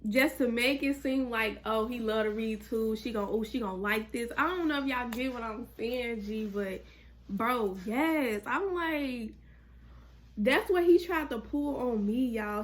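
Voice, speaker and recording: A young woman vlogger tells a story in a casual chat to camera. She is animated and full of slang, and she swears freely. Her voice sits a little high.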